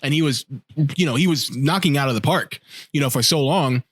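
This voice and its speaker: Man, podcast co-host, fast slangy talk, dry close mic. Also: mid-range voice, no echo. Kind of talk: casual podcast chat.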